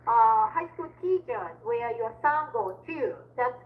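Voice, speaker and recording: Woman tutor, patient step-by-step explanations, high voice, slightly dull lo-fi sound, video call. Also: animated, a little slow. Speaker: independent Japanese tutor. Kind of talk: one-on-one language lesson.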